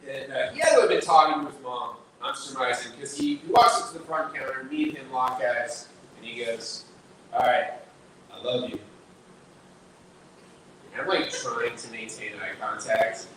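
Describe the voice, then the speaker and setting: A young man doing stand-up in a small bar, rambling loosely, swearing, and restarting his sentences. His voice sits in a middle range and sounds far off in a very echoey room with clear background noise. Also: mid-range voice, animated, normal speed, hardly any pauses, fairly bright tone. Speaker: stand-up comedian. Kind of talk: stand-up set at an open mic. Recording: echoey room, distant mic, noisy.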